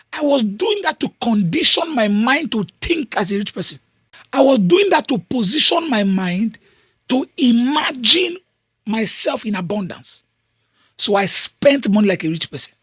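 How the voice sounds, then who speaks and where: Nigerian-accented man, podcast host, husky, mid-pitched, dry close sound, preachy and insistent. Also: fairly bright tone, no room sound. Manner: emphatic, repeats phrases. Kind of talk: motivational talk.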